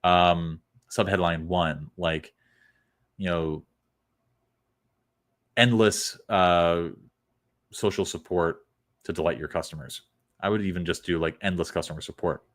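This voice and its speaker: Low-voiced blunt man critiquing copy. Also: fairly even intonation, measured pace, long pauses. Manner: blunt, profane, sarcastic. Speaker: copywriting critic. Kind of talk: casual critique of web copy.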